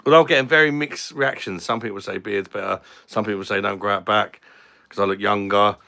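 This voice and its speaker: Guy chatting on his livestream, bright edgy tone, laid back, swears a bit. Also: fairly low pitch, fairly even intonation, brisk, gravelly. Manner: chatty and jokey, swears casually. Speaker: live-stream host. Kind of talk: casual live-stream chat, reading comments.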